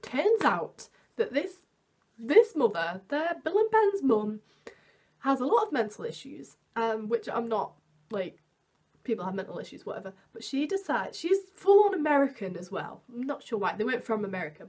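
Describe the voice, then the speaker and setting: A woman's voice: darkish tone, husky. A young woman telling a storytime to camera in a chatty, self-mocking way, full of "like" fillers and acted-out quotes. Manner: acts out quotes with big jumps in pitch. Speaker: vlogger.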